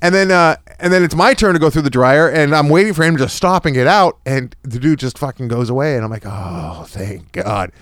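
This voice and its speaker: A man's voice: on the high side, fast, few pauses, fairly bright tone, smooth, dry recording, clean studio sound. A man co-hosting a podcast, telling a rambling story in casual chat full of fillers and restarts. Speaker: podcast co-host.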